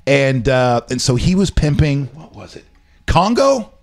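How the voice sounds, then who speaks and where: Male co-host, chatty raconteur with a very lively, swooping delivery. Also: medium pitch, unhurried. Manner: animated storyteller, acts out quotes. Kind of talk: casual chat.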